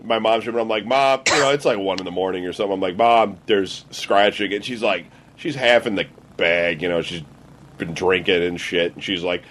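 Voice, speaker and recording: A man hosting a casual chat, telling an animated spooky story from his childhood. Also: low-pitched, fast. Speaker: podcast host.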